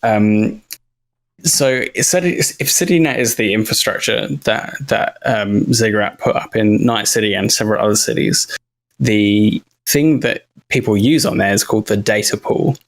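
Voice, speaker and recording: A man's voice: on the low side, moderate pace. A man with an Australian accent, guesting on a podcast, easygoing and joking in casual chat.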